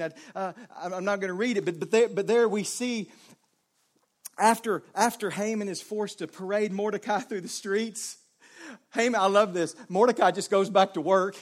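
A male preacher giving a sermon, dropping to a hushed voice and then rising to raised, pleading cries. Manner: swings between hushed low passages and raised pleading cries.

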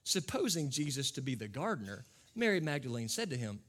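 A man's voice: mid-range voice, sing-song, a little fast, fairly bright tone. A man pastor preaching a conversational sermon to his congregation. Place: church service with a congregation.

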